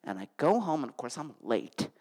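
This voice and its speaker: A Connecticut man recounts a humorous personal story live on stage at normal speed, his voice rising and dipping across a wide range. He's animated, and his pitch shoots upward each time he relives a flustered moment.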